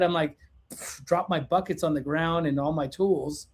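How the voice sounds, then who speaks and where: A man from California, a podcast guest, telling an animated, lively story and acting out the dialogue in casual chat. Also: a little high, brisk.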